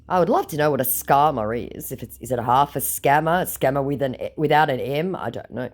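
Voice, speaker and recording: A woman's voice: rumbling low, fairly quick, hardly any pauses. A woman narrating a chat exchange aloud with a sarcastic, mocking manner.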